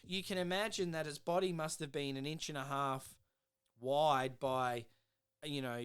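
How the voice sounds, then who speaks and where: An Australian man hosting a podcast, telling a story in a casual, animated way and swearing freely. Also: on the high side, normal speed, smooth. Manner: animated, swears a lot, retells stories in voices. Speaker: podcast host.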